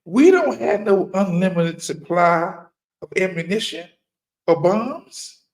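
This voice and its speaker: A man's voice: sits high, expressive, slow pace. A middle-aged man giving an impassioned, preaching monologue as a firearms trainer, repeating key lines for emphasis and firing rhetorical questions at his listeners.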